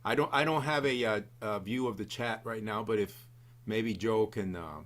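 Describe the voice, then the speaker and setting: A man's voice: fairly low pitch, moderate pace, a bit bright. A man appearing as a guest musician on an online show, explaining things and quizzing the audience in a friendly way with fillers.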